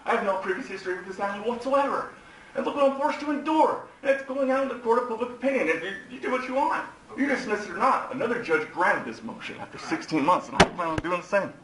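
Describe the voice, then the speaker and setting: A hoarse man in his forties, a defendant addressing the court in a heated, accusatory rant. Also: high voice, animated, fast, fairly bright tone, a little hiss or hum. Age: 40s. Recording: echoey courtroom recording.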